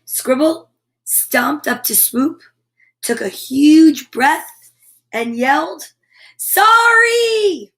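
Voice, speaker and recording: A woman reads a children's picture book aloud, expressive and full of little exclaimed asides. Her voice sits somewhat high, and she takes the story slowly.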